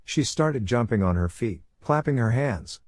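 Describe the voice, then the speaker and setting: A man narrating a first-person horror story in a measured, brooding way. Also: mid-range voice, animated, darkish tone, no room sound, studio quality.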